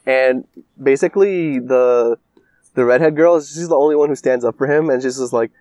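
A man's voice: medium pitch, normal speed, warm tone, no room sound. Young man, casual, rambling and profane, dry close mic. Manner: rambling, profane, lots of filler "like". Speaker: friend recapping a story. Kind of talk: casual chat.

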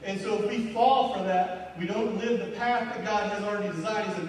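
A high-voiced man preaches in a loose, conversational way, often tagging "right?" onto his lines. He sounds distant from the mic, with heavy hall reverb and a faint hiss behind him. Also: a little fast. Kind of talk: sermon. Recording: echoey hall from far off with faint noise.

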